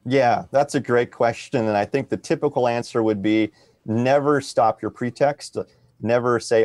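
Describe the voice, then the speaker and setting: A man's voice: mid-range voice, moderate pace, a little mellow, dry recording, studio quality. A man speaking as a podcast guest, explaining at an easy pace and often tagging his sentences with "right?". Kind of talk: conversational interview.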